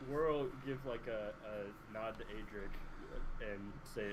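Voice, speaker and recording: A man playing a tabletop game, brief and low-key. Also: measured pace, noisy background. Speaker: player.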